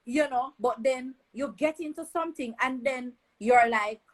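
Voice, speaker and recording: A Jamaican woman with a fairly high voice hosts a casual chat. She is enthusiastic and exclaims and affirms often, speaking openly and warmly engaged with her guest. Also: a little slow, rough recording. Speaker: host.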